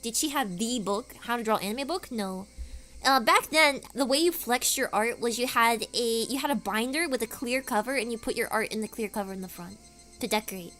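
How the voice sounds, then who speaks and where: A woman's voice: fairly high pitch, a little fast, fairly bright tone, faint music behind. A woman streamer chatting casually, rambling through stories with lots of filler words. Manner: rambling, filler-heavy storytelling.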